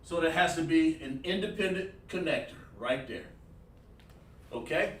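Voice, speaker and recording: Teaching a livestreamed language class, this man has a slightly high, expressive voice at normal speed. The room echoes and he sits far from the microphone. He stays patient, praises students, and keeps checking in with "okay, all right."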